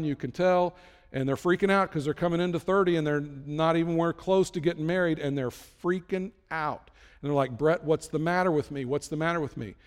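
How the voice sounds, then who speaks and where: A man preaching a conversational sermon as a pastor, emphatic, with sudden loud bursts. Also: a little high, clean tone, big-room sound.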